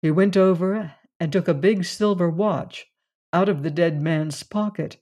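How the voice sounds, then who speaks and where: Audiobook narrator, slow and measured, mid-pitched. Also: a little mellow.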